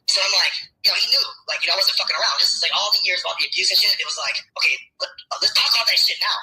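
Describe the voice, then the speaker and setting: A man's voice: high-pitched, rapid-fire, sharp tone, low-quality recording. A man telling a rambling personal story in a played clip, full of filler words and swearing.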